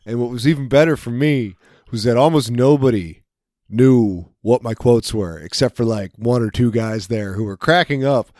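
A man's voice: mid-range voice, normal speed, darkish tone, no room sound, studio quality. A man chatting casually as a podcast co-host, telling rambling, jokey stories with lots of restarts. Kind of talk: casual chat.

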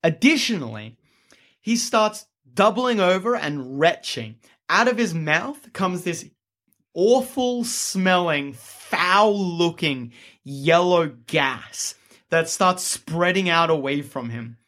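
A man's voice: high-pitched, lively intonation, slow, fairly bright tone. A man narrating as game master, often laughing mid-sentence.

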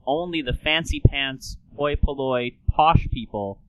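A man's voice: mid-range voice, measured pace, fairly bright tone, no echo, low-quality recording. A man hosting a casual talk show, explaining things in a playful, lecturing way. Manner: lecturing, playful, slips into old-timey announcer voice. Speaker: podcast host.

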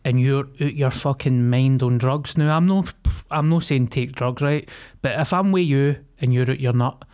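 A man's voice: mid-range voice, moderate pace, a little mellow, clean tone. A man with a Scottish accent, co-hosting a podcast in blunt, sweary banter. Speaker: podcast co-host. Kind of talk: casual chat.

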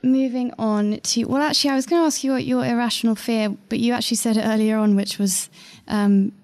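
A woman's voice: a little high, steady tone, a little fast, darkish tone. A woman hosting an interview, asking conversational follow-up questions. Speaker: interviewer, host. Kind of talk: casual interview chat.

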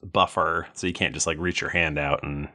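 A man's voice: rumbling low, steady tone, normal speed, pushed and bright. A man narrating as game master, loose and laughing, with many fillers.

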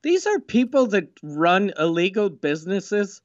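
A man's voice: high-pitched, big pitch swings, measured pace, no room sound, lo-fi sound. A man co-hosting a podcast with blunt, crude wisecracks and casual stories. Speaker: podcast co-host.

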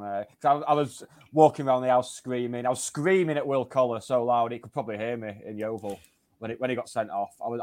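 A man co-hosting a fan podcast in casual chat, telling stories in an expressive, self-mocking way. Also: mid-range voice, no echo. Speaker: podcast co-host.

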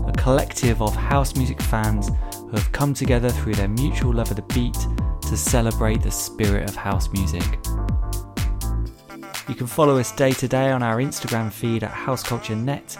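A man hosting a podcast, reading a scripted intro in an upbeat, enthusiastic way. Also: medium pitch. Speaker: podcast host. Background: music.

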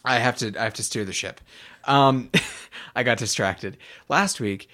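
A man's voice: medium pitch, unhurried, pushed and bright. A tired young man co-hosting a podcast in casual chat, rambling and self-deprecating, often restarting his sentences. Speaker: podcast co-host.

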